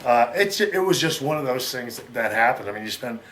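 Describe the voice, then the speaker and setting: Fast-talking middle-aged man telling stories. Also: medium pitch, animated, a bit bright, slight background noise. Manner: rapid, rambling, acts out quoted lines. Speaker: interviewee. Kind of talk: shoot interview storytelling.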